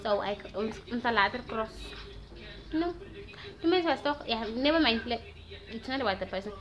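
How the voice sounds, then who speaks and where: A nineteen-year-old woman from Namibia with a Namibian accent, telling a story in a casual, animated vlog and slipping into Afrikaans slang. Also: a little high, normal speed. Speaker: vlogger. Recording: dull lo-fi sound with faint music.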